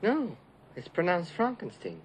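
A man's voice: mid-range voice, big pitch swings, moderate pace, breathy edge. A man voicing a fussy young male pony scientist who insists on correcting how his name is said. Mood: pedantic. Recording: noisy amateur recording.

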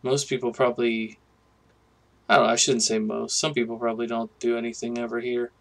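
A man hosting a casual gameplay commentary, musing and thinking aloud in a relaxed way. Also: medium pitch, a little fast, vocal fry. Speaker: gaming channel host.

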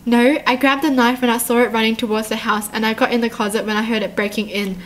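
A woman reading the text messages of a terrified young woman hiding from an intruder, in a hushed, low and halting voice. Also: steady tone, slight background noise, close to an everyday voice. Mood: frightened.

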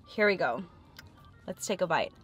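A woman's voice: fairly low pitch, lively intonation, normal speed, slightly rough, soft background music. A young woman chatting frankly and thinking aloud as she tastes food in a casual eating vlog. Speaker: food vlogger.

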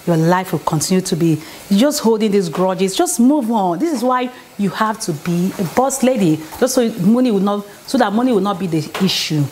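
A woman's voice: medium pitch, lively intonation, moderate pace, a little mellow, a little hiss or hum. A woman, talking casually to camera at home, chatty and emphatic, repeating her points and checking in with "okay?". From Nigeria. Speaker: vlogger. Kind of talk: casual relationship advice talk. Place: home, indoors.

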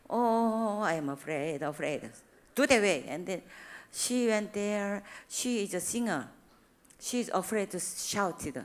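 Korean-accented woman preacher, middle-aged, broken English, lively storytelling sermon. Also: medium pitch, unhurried. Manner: broken English, animated retelling of dialogue. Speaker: church speaker. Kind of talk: sermon with anecdotes.

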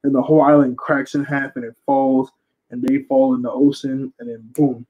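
A man's voice: mid-range voice, level tone, normal speed, phone-quality sound. A young man casually recapping a film, rambling and slangy and often correcting himself. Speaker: reviewer.

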